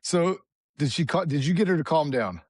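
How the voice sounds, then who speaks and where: A man's voice: a little high, animated, brisk, darkish tone, breathy edge, no room sound, clean studio sound. A middle-aged man hosting a podcast in an easygoing, upbeat way, often laughing along. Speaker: podcast host. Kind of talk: casual chat.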